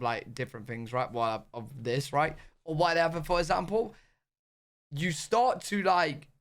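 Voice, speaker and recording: A man's voice: fairly high pitch, fairly bright tone. A British man reacting casually, stumbling over words and using slang. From Britain. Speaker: reaction streamer.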